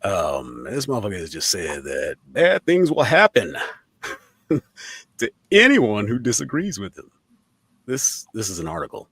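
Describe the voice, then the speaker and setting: Male host, casual profane commentator, lively delivery, dry close sound. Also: lowish voice, a little slow, slightly rough, no echo. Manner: animated, swears freely, laughs often. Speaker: podcast host.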